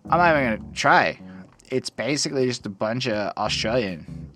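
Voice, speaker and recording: A man's voice: mid-range voice, lively intonation, normal speed, over music. A man casually reviewing rap songs, rambling and swearing loosely as he reads lyrics aloud. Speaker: music reviewer.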